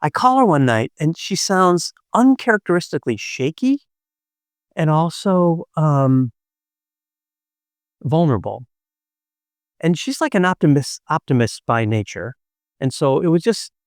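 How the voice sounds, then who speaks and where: A middle-aged man and podcast host telling a personal story in a gentle, unhurried way, with thoughtful pauses. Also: on the high side, sing-song, no echo, studio quality.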